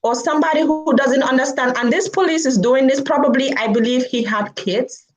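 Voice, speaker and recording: A woman's voice: high voice, a little fast, poor audio. A woman vlogger telling a story and giving her views to camera, acting out the people in it. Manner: animated, acts out quoted people.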